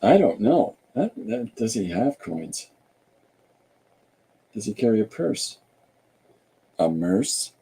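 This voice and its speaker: A man's voice: medium pitch, very animated, takes it slowly, long pauses, mellow, husky. A man hosting a podcast, chatting casually and jokingly while he draws, rambling and musing aloud. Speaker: podcast host and artist. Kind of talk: casual chat while drawing.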